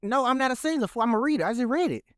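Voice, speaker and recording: A man co-hosting a podcast in loose, laughing banter, reading song lyrics aloud flatly. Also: very high-pitched, very fast, dry recording, clean studio sound. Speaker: podcast co-host. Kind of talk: casual chat.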